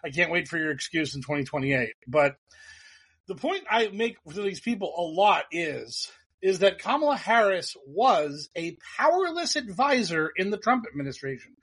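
Husky, high-voiced sarcastic podcast host. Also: male voice, normal speed. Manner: animated, profane, sarcastic, mocks others in put-on voices. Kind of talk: casual political podcast chat.

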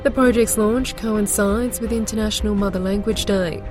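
A woman presenter reading a scripted news introduction in a measured, formal way. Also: medium pitch, steady tone. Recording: news read over a music bed.

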